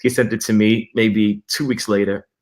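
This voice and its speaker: A man's voice: fairly low pitch, moderate pace. A young man, a church musician, telling a story in a casual interview, acting out the dialogue with laughs. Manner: animated storyteller, acts out quoted dialogue with laughs.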